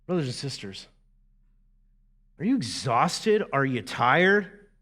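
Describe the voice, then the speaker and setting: A middle-aged man, a lead pastor preaching a sermon in a lively, conversational way with asides to the congregation. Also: medium pitch, slow pace.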